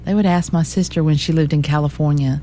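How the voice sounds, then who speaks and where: A woman with a Southern US accent, co-hosting local radio, chatting casually and then slowly reading classified listings and phone numbers. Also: low voice, fairly even intonation, mellow, slight background noise. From American South.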